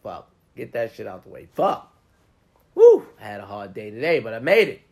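A man's voice: lowish voice, animated, brisk. A man giving a casual, profane pep talk to listeners, swearing freely and acting out grumbling inner voices. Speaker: motivational talker.

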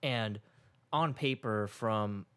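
A man's voice: fairly low pitch, slow pace, a bit bright, smooth. A young man co-hosting a podcast, rambling casually about work with lots of "like" and "uh". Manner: rambling, lots of fillers, laughs often. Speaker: podcast co-host. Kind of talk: casual chat.

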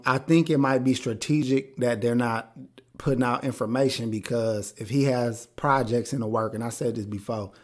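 A man hosting a podcast, talking in a casual, blunt and profane way with strong opinions. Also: mid-range voice. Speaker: podcast host. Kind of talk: casual chat.

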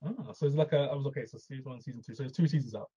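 A man's voice: medium pitch, rapid-fire, warm tone, slightly rough. A man co-hosting a podcast, chatting casually, joking and repeating phrases. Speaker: podcast co-host. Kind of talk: casual chat. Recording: dull lo-fi recording.

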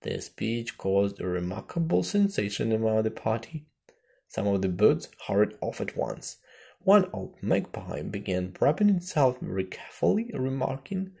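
A man narrating a classic storybook aloud, slow and expressive. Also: fairly low pitch, vocal fry, breathy edge. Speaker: audiobook narrator.

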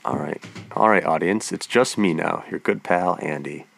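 A man's voice: deep voice, moderate pace, vocal fry, fairly bright tone. A young man co-hosting a podcast in casual chat, blunt and profane, cracking jokes. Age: young adult. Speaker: podcast co-host and editor.

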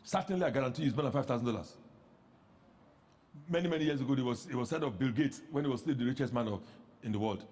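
A man pastor preaching a sermon, animated, with rhetorical questions that rise into shouts. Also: mid-range voice, quick pace, long pauses, long reverb tail.

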